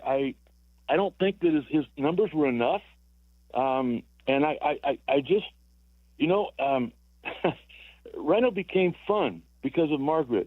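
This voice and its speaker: A man's voice: fairly high pitch, dry recording. A man in his sixties, a former ballplayer calling in to a sports radio show, telling rambling stories with repeated words and chuckles. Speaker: former baseball player guest. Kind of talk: phone-in storytelling on sports radio. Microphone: telephone. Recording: tinny dry phone line.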